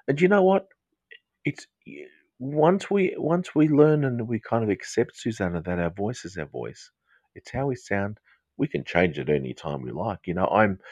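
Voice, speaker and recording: Low-voiced joking counsellor man. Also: dry recording. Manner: rambling and playful, stumbling restarts and jokes. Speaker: counselling host of a live audio show. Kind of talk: casual chat, live call-in counselling.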